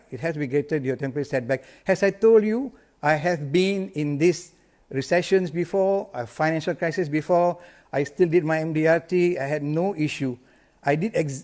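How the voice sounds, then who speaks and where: Energetic man coaching sales. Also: a little high. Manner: energetic, emphatic, repeats key lines. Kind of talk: motivational live talk.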